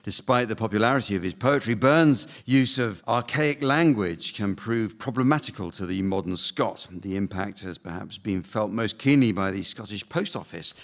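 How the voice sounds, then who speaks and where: A man hosting a comedy panel game on radio in a dry, unhurried way, reading out rhymes. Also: lowish voice, a bit bright. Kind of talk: comic quiz hosting. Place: radio recording before a live audience. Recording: live audience laughter and noise.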